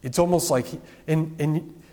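A man's voice: a little high, moderate pace. Male pastor preaching in a reverberant hall. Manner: informal, with animated asides. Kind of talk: conversational sermon. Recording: long reverb from a large hall.

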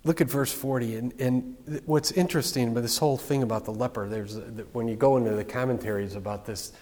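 A man's voice: mid-range voice, fairly even intonation, fast, a little mellow, in a large hall. A man preaching a sermon as pastor, in a plain-spoken, conversational way.

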